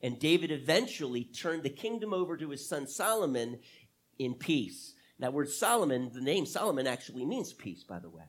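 A man's voice: medium pitch, big pitch swings, moderate pace. A male pastor preaching a sermon to his church, emphatic, asking rhetorical questions and stretching out key phrases.

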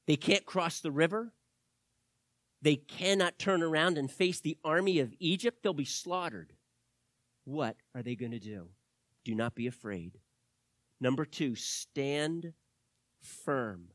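A pastor preaching a sermon to his church, swinging between hushed words and loud, fervent calls. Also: fairly high pitch, unhurried, no echo, clean studio sound. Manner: dramatic, swings from hushed to shouting.

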